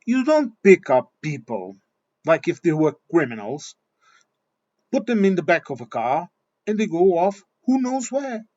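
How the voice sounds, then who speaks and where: A man's voice: a little high, sing-song, unhurried, a little mellow. Blunt, swearing man on a dull recording. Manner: blunt, swearing, repeats himself. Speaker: vlogger. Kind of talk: opinion monologue.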